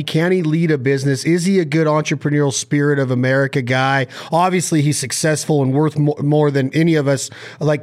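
A man interviewing a guest, asking long, rambling questions in a casual tone. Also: a little high.

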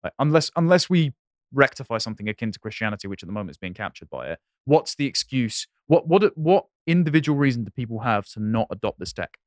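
A man's voice: mid-range voice, sing-song, dry recording, studio quality. A man co-hosting a podcast, arguing his point in casual chat. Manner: argumentative, rapid. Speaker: podcast co-host.

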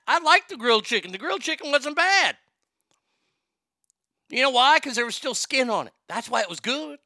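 A Texan man ranting casually about fast food, swearing a lot and stumbling over restarts. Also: extremely high pitch, lively intonation, sharp tone, no echo, studio quality. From Texas. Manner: profane, rambling, stammering restarts. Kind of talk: casual rant.

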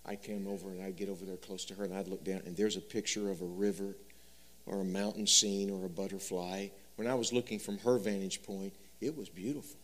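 A man preaching a sermon, telling stories and swinging from loud emphasis to soft, quiet delivery. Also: deep voice, steady tone, brisk. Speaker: pastor.

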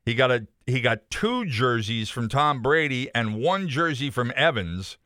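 A man co-hosting a morning radio show, chatting and telling jokes in a playful, animated way, close on a studio microphone. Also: mid-range voice, measured pace, no room sound. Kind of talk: casual radio banter and joke telling.

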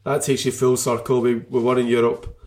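A man's voice: medium pitch, level tone, brisk, a little mellow. A man in casual chat about football, emotional and rambling, often trailing off and restarting.

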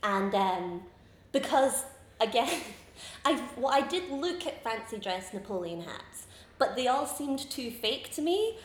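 A woman in her twenties chatting casually in an interview, rambling and giggling through animated stories. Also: on the high side, unhurried, echoey room, slight background noise. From Scotland. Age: 20s. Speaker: comedian guest.

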